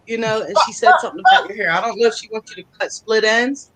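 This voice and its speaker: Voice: mid-range voice, quick pace, hardly any pauses, fairly bright tone, poor audio. Chatty psychic co-host, mid-range voice, laughs easily while passing on spirit messages. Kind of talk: casual live psychic reading.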